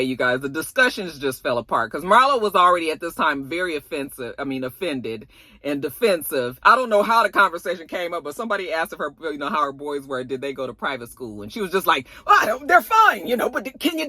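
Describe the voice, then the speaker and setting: A young woman talking through a gossip recap in a sassy, animated way, cursing freely. Her voice is bright and sharp and swings up and down a lot. It sounds close and dry. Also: on the low side, dry recording. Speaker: reality TV recap YouTuber.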